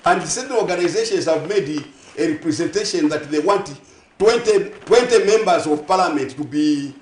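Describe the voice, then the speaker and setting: A man's voice: a little high, animated, a little fast, roomy sound, a little hiss or hum. A man with a Zambian accent, a guest on a morning TV talk show, arguing his point emphatically, stacking synonyms and asking if listeners follow him. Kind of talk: passionate on-air discussion. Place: TV studio.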